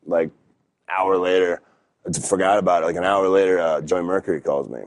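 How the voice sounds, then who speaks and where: A man's voice: low-pitched, steady tone, fairly quick, slight background noise. A man in his thirties, a wrestler guest on a podcast, telling stories in a laid-back, rambling way with lots of fillers and restarts. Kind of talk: casual storytelling interview.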